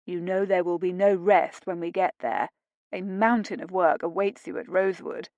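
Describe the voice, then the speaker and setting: A woman's voice: lowish voice, moderate pace, no echo, muffled recording, lightly acted. A woman reading as a playful, affectionate young nobleman. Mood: teasing. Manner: calm, playful and gently teasing. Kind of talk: audiobook dialogue reading.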